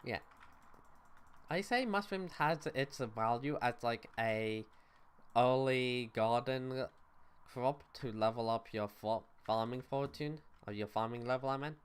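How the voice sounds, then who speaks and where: A man's voice: mid-range voice, measured pace, smooth. A young man livestreaming a video game, chatting loosely with his viewers, answering chat and cursing offhandedly. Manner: loose and offhand, reads chat aloud, swears casually. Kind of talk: casual gaming stream chatter.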